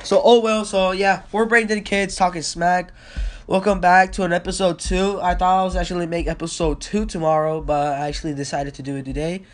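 A sick teenage boy coughs his way through a loose, rambling podcast monologue. His voice sits a little high for a guy, and he swears and stumbles through fillers as he talks. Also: steady tone, fairly quick. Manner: rambling, profane, filler-heavy. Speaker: podcast host.

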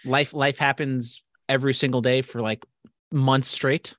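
A man co-hosting a casual podcast chat, teasing his friend and explaining himself in quick bursts. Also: mid-range voice, flat delivery, a bit bright, no echo, studio quality. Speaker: podcast co-host.

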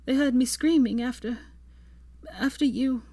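Woman doing a tender young woman, high, soft, earnest, storybook reading. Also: a little slow, dry recording.

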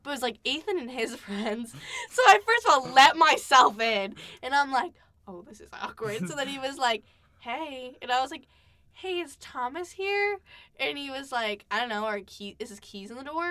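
Bright, animated young woman storyteller. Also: sits high, normal speed, dry recording. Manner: animated storytelling, acts out quotes, many fillers. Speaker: podcast host. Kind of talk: casual chat.

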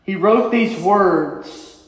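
Male preacher, fervent and rising, higher voice, echoing church hall. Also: drawn-out words. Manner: rising, impassioned preaching with repeated calls. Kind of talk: sermon. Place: church sanctuary.

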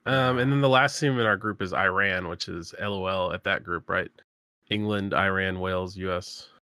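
A man in a casual chat, opinionated and quick to laugh. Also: deep voice, sharp tone, no room sound, clean studio sound. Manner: chatty, opinionated, laughs often.

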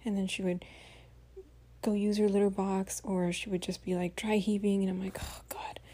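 A woman's voice: medium pitch, level tone, normal speed, mellow, husky. A tired woman hosting a podcast as a casual spoken diary, venting in a chatty way with many fillers and some swearing. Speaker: podcast host. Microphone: home voice recording.

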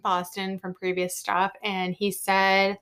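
A woman's voice: medium pitch, monotone, slow, a bit bright, clear, resonant tone. A young woman from the South Shore of Massachusetts co-hosting a podcast, chatty and blunt in casual talk. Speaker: podcast co-host. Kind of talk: casual chat.

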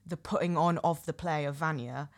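A woman chatting casually on a podcast, recommending a film with enthusiasm and a lot of pauses and fillers. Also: sits low. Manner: hesitant, many fillers and restarts, enthusiastic.

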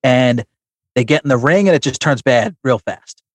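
A man's voice: mid-range voice, expressive, normal speed, no room sound. A man co-hosting a casual podcast, telling a long story with many restarts and fillers. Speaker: podcast co-host. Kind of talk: casual chat about wrestling figures.

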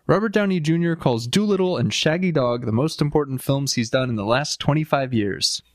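Deadpan man co-hosting a podcast. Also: fairly high pitch, brisk, dry recording, studio quality. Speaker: podcast co-host. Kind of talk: casual chat, reading quotes aloud.

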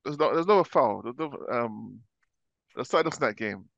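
A man from West London with a London accent, chatting on a podcast in an animated, emphatic way with quick restarts. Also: medium pitch, vocal fry, dry recording, dull audio. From West London, England. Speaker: podcast co-host. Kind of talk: casual chat.

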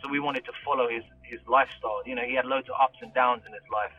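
A man's voice: mid-range voice, steady tone, fast talker, phone-quality sound, soft background music. A man from the UK, a rapper guest, chatting casually and laughing easily. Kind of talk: casual interview chat.

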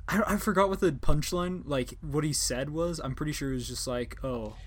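A man's voice: fairly high pitch, fairly quick, over a noisy crowd. A young man hosting a casual podcast chat, rambling and joking with casual swearing. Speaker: podcast host.

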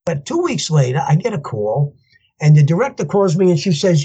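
Husky older man telling his story. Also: fairly high pitch, normal speed. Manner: animated, laughs as he tells stories, acts out voices in quotes. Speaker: podcast guest. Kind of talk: storytelling interview.

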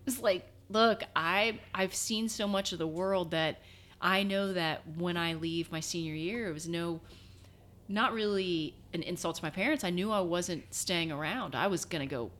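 A woman's voice: lowish voice, moderate pace. A woman guest in an interview, casually telling stories and acting out what people said. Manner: animated, acts out quoted voices. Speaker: guest, former national team soccer player.

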